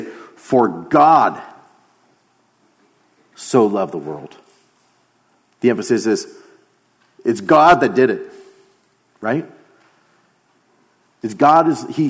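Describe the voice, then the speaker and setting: A man's voice: mid-range voice, darkish tone. A man preaching a sermon, emphatic, dropping to a near-whisper on key phrases.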